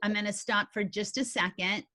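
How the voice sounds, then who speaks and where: A woman teaching a dog agility study group in a folksy, animated, conversational way. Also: mid-range voice, normal speed, a crowd in the background. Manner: folksy and animated, with homey grammar.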